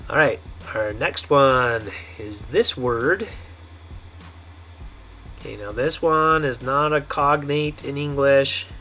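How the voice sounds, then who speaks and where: Man, patient teacher, repeats words slowly, medium pitch, soft music behind. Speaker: Spanish teacher. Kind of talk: language lesson.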